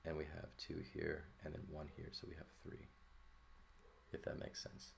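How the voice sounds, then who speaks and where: Male teacher, extremely deep voice, patient explainer who checks in with the class. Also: completely flat delivery, normal speed, vocal fry. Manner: explanatory, checks in with "right?" often. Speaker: Greek teacher. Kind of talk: explaining at a board.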